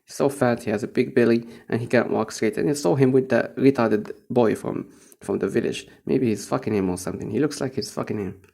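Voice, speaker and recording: A young man from Morocco rambles through a casual spoken-diary monologue about his days as a teacher. His voice is gravelly and dark, and he swears freely and chuckles as he talks. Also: medium pitch, fairly quick. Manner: rambling, profane, chuckling storyteller.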